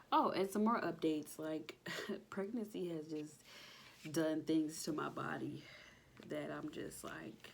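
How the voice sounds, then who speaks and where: Girl vlogging from home, super out of breath, lots of sighs, low voice, a lil room hum. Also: slow pace. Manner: sighing, breathy, chatty with slang. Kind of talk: casual chat. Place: home kitchen.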